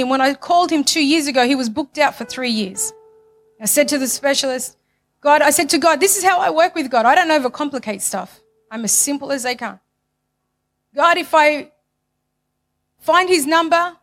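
A high-pitched woman delivers a passionate sermon testimony, hammering phrases again and again. Her voice swings from loud, pushed lines down to hushed ones. Soft music plays faintly behind her. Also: animated, fairly quick. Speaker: church speaker giving testimony.

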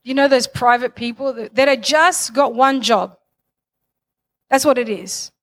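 High-voiced woman preaching with fervor. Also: unhurried, fairly bright tone. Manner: builds to fervent declarations; calls for amens. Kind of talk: sermon.

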